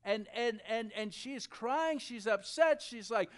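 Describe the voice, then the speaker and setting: An animated pastor preaching a sermon, speaking straight to the congregation. The pitch rises and falls widely, and the voice sits at a middle height. Loud, urgent stretches give way to soft, quiet ones. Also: normal speed, few pauses. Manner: addresses the audience directly.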